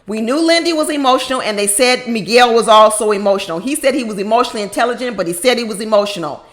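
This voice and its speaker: High-voiced woman giving emphatic recap commentary. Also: fast. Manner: emphatic, preachy, acts out quotes in other voices. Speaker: reality TV recap host.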